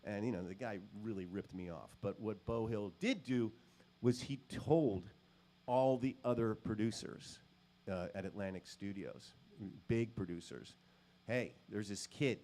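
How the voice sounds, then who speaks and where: A man's voice: on the low side, a little slow, mellow. A male guitarist and session musician telling casual, self-deprecating stories at a guitar clinic. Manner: casual, self-deprecating, many fillers and acted quotes. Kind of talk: anecdotal storytelling at a guitar clinic.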